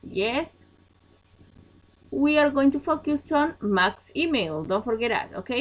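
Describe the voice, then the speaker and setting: A woman teaching an online English class, a Spanish speaker, explaining each point slowly and checking in with "okay?" and "yes?". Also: fairly high pitch, expressive, rough recording.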